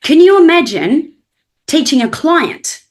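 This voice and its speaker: A woman with a fairly high voice explains communication skills over a video call. She speaks in an animated way, sliding her tone up and down on purpose to demonstrate. Her delivery is that of an energetic teacher. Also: a little slow. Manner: demonstrates voice inflection, rising and falling for effect. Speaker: NLP trainer and hypnotherapist guest.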